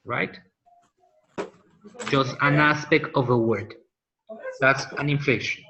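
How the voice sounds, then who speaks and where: Man, bright voice, patient teacher, lo-fi online-call sound. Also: mid-range voice, steady tone, slow pace. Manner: patient, asks students questions and repeats answers. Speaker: linguistics teacher. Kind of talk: classroom lecture over a call. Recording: dull lo-fi call audio.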